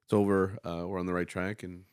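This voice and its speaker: A man's voice: low-pitched, level tone, brisk, a little mellow, clean tone, no room sound, studio quality. A man who directs a school mariachi program, chatting casually on a podcast, rambling and laughing often and mixing in bits of Spanish.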